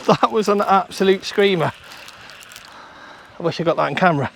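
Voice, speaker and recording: A British man giving chatty running commentary to viewers while fishing on a beach, excitable and talkative. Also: high voice, normal speed, creaky, slight background noise. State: out of breath. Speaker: fishing vlogger and coach. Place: outdoors on a beach. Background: faint outdoor ambience.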